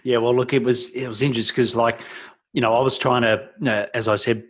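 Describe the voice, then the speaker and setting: A man's voice: mid-range voice, flat delivery, a little fast, a bit bright. A man, a podcast host, chatting loosely and leaning on fillers like "you know". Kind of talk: casual interview talk.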